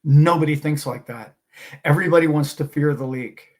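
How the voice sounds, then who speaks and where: A man with a slightly high voice holds forth on his own show. He talks in an emphatic, preachy way, scoffing at doubters between his points. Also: normal speed. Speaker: host. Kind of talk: casual monologue.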